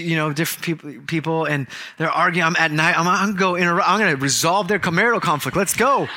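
A man preaching a sermon in church, telling a story with jokes and quick asides. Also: high-pitched, sharp tone. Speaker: pastor.

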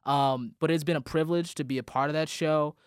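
A man's voice: a little high, fairly even intonation, a little fast, clear, resonant tone, no room sound, studio quality. A young man, a college radio host, giving a heartfelt, rambling farewell speech to his colleagues on air, with many restarts. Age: young adult.

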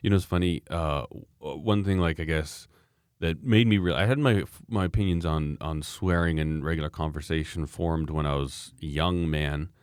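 A man's voice: a bass voice, moderate pace, clear, resonant tone, dry recording, studio quality. A man in his thirties co-hosting a casual chat, telling stories in a rambling way with restarts and chuckles. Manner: rambling storyteller, frequent restarts and laughs. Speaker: podcast co-host.

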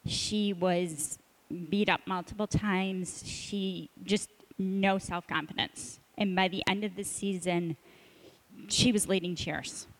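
A woman's voice: mid-range voice, steady tone, takes it slowly, low-quality recording. A woman in her thirties, a cheer coach, sharing an encouraging story with a church group. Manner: earnest, encouraging, speeds up when emphatic. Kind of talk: casual testimony sharing.

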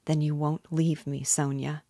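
A woman's voice: deep voice, level tone, a little slow, mellow, no room sound, clean studio sound. A woman reading aloud and voicing a weary, brooding young man who mutters bitterly.

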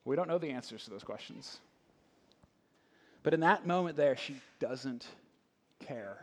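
A man preaching a conversational sermon, asking the room rhetorical questions and swinging between loud emphasis and hushed asides. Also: medium pitch, expressive, unhurried. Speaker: pastor.

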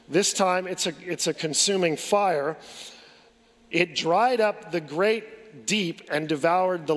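A pastor with a fairly high, fairly bright voice preaches earnestly, posing rhetorical questions and restarting his phrases. A long hall reverb hangs over the recording.

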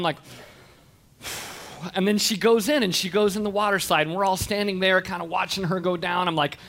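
A man in his thirties giving an animated, expressive storytelling talk to an audience. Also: high voice. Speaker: speaker.

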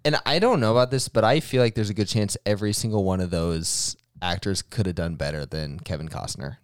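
A man's voice: low voice, a little fast, clean tone, no echo, clean studio sound. A man in a casual movie chat, blunt and matter-of-fact.

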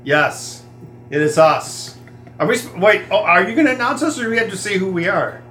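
A man's voice: sits high, a little fast, reverberant, faint music behind. A man guest in a casual podcast chat, joking around and slipping into put-on voices, on a handheld mic in a shared room. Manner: jokey, animated, breaks into put-on voices. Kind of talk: casual banter.

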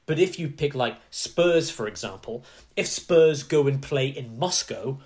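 A man's voice: medium pitch, a little slow. A man, a podcast co-host who chats casually and animatedly, with many asides. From England. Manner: animated, talks in long runs with many asides. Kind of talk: casual chat.

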